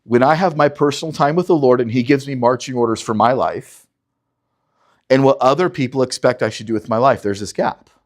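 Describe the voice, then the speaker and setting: A man's voice: mid-range voice, a little fast. A male pastor preaching an expository sermon. He reads scripture aloud and urges listeners to look closely at each verse. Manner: animated teaching, urges listeners to read verses critically.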